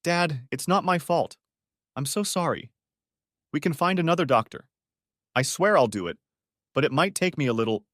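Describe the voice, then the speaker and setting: A man's voice: on the high side, expressive, moderate pace, long pauses, a bit bright, no echo, clean studio sound, pitched above the performer's own voice. A man voicing a tearful, pleading young daughter. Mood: pleading, hysterical. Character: distraught young adult daughter, pleading and fragile.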